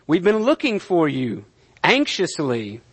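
A preacher doing stern scolding Mary. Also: male voice, a little high, wildly swooping pitch, slow pace, slightly rough, heavily acted. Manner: disciplinary tone.

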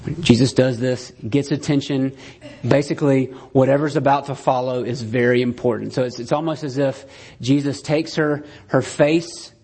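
Man, preacher, conversational sermon, keeps asking "right?", acts out quotes, mid-pitched voice. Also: fairly even intonation, normal speed, a little mellow, husky.

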